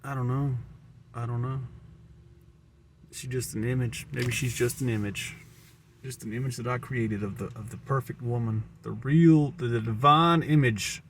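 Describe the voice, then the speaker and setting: A man's voice: medium pitch, fairly even intonation, normal speed, fairly bright tone, a little hiss or hum. A man with a Southern American accent, musing aloud in a rambling monologue to camera, often repeating and restarting words. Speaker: vlogger. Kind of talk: rambling stream-of-consciousness monologue.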